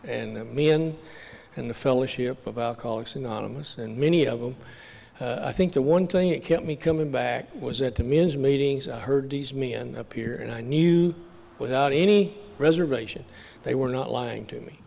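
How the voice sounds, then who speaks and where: Older man, from Texas, gravelly voice, halting folksy testimony, muffled lo-fi recording. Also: medium pitch. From Texas, USA. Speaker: speaker at a recovery meeting. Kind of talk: personal testimony at a meeting. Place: meeting room. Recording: dull lo-fi recording with long hall reverb.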